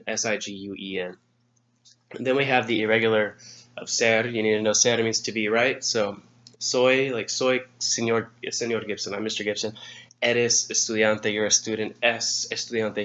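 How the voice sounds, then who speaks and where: A man's voice: fairly low pitch, a bit bright. A man teaching a grammar review lesson, explaining patiently and spelling words out letter by letter. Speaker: Spanish teacher. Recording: dull lo-fi recording.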